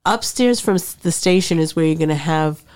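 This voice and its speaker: A woman's voice: on the low side, fairly quick, darkish tone, smooth. A woman co-hosting an interview, asking inquisitive follow-up questions in casual chat. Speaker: co-host.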